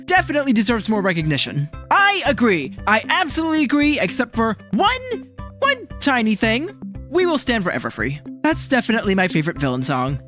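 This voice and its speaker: Man, comment-reading host, chatty, playful, animated pitch, high-ish voice. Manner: chatty, playful, quick reactions. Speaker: YouTube host. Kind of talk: reading viewer comments aloud. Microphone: studio microphone.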